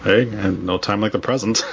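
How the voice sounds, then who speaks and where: Midwestern male co-host, low voice, halting casual delivery, dull lo-fi audio with faint noise. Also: vocal fry. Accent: Midwestern American. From Wisconsin, USA. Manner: halting, many restarts and laughs. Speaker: podcast co-host. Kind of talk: casual chat.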